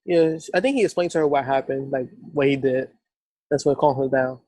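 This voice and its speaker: A man hosting a podcast, telling quick joking anecdotes in casual conversation. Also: medium pitch, warm tone, no echo. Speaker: podcast host.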